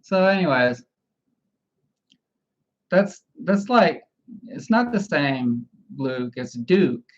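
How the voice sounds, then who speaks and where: A man at an everyday mid pitch rambles casually through a livestream, talking straight to his viewers. The audio comes across slightly dull and muffled. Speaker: livestream host.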